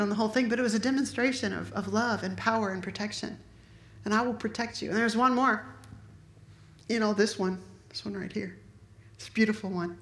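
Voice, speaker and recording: A middle-aged woman preaching a sermon, telling family stories in a lively, animated way and acting out what people said. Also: mid-range voice, a little fast, roomy sound. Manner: animated storyteller, acts out quotes. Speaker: pastor's wife preaching.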